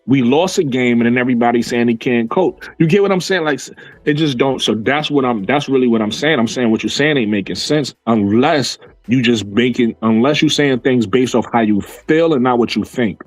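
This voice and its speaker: A man's voice: medium pitch, fairly quick, dry recording, rough recording. A man doing casual livestream commentary on women's basketball, arguing his point with viewers and answering chat comments, repeating himself as he goes.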